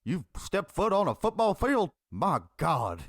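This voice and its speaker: A man's voice: sits high, wildly swooping pitch, a little slow, fairly bright tone, no echo, studio quality, full character voice. A man doing a gushing older wrestling announcer. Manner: gushing, exclaiming. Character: excitable older male wrestling commentator.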